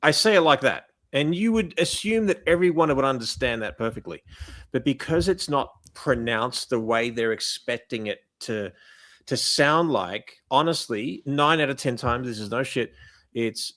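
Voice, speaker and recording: A man from Australia with an Australian accent, a podcast guest telling lively stories and often repeating words as he starts. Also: medium pitch, normal speed. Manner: animated storyteller, repeats words when starting. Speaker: guest photographer. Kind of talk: casual podcast interview.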